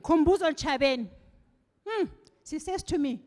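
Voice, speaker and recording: A woman's voice: a little high, normal speed. A middle-aged South African woman giving a farewell speech, telling stories and acting out the voices of the people in them. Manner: animated storytelling, acting out quoted voices. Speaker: farewell speaker. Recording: echoey hall with long reverb.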